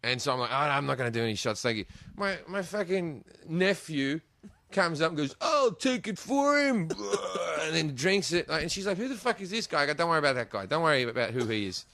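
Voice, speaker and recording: A man's voice: fairly high pitch, lively intonation, fast talker, pushed and bright. A man in his forties with an Australian accent, a comedian telling a crude, sweary story in a casual podcast chat. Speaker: comedian guest.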